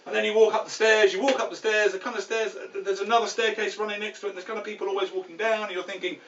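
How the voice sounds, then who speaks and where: A man riffs through a stand-up routine, rambling and cutting himself off mid-sentence. His voice sits fairly high. The recording is roomy and dull, caught from across a pub with clear noise behind. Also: fast. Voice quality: rambling, self-interrupting, mock-exasperated. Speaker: stand-up comedian. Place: pub function room. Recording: distant, dull, noisy live recording.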